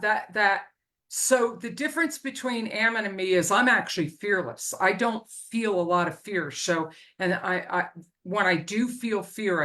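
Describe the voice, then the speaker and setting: A woman's voice: lowish voice, a bit bright. A woman hosting a podcast interview, talking bluntly and outspokenly about investing. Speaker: podcast host.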